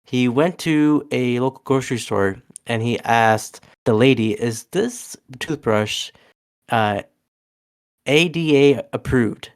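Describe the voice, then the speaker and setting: A man chatting on a podcast and walking through a movie's scenes. He pauses, restarts and fills gaps as he goes, in a relaxed, unhurried way. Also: medium pitch, clean tone. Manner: halting, many fillers and restarts. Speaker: podcast co-host. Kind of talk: casual chat.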